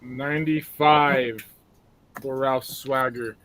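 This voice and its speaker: A man's voice: mid-range voice, steady tone, slow pace, fairly bright tone, slight background noise. A man hosting a judging panel in casual chat, upbeat as he announces totals.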